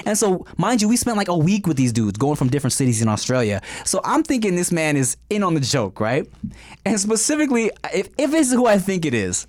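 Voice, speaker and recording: A man telling stories in casual chat, animated and profane, laughing often. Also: high-pitched, fairly quick, no echo.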